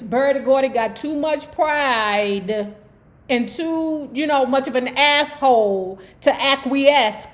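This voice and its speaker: A woman with a fairly high voice hosts a book club and retells a story in a loose, conversational way. She is sassy and chatty, and she keeps breaking off to speak straight to her viewers. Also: slow pace. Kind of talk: casual storytelling book commentary.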